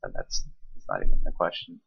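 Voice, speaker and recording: A man's voice: brisk, dry recording, lo-fi sound. A man with a South Carolina Southern accent chatting casually for an accent tag video. He talks loosely and profanely with lots of ums and restarts, and he coughs and sounds tired. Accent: South Carolina Southern American. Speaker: vlogger doing an accent tag. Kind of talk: casual rambling chat.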